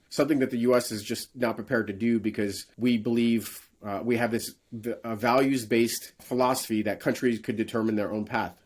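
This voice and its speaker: Measured man, steady mid pitch. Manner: measured, restarts often, frequent uh fillers. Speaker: interview guest. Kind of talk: conversational interview.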